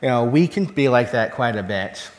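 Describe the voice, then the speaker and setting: A man's voice: medium pitch, animated, moderate pace. Man preaching in a reverberant hall. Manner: conversational, asks the congregation rhetorical questions. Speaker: pastor. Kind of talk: sermon.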